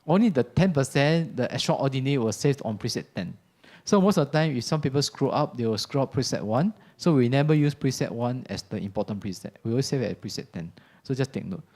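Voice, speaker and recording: A man giving a relaxed, chatty product demo in a workshop classroom, often checking in with "okay?". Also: medium pitch, fast talker. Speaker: audio product trainer. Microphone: ceiling and handheld microphones in a live demo.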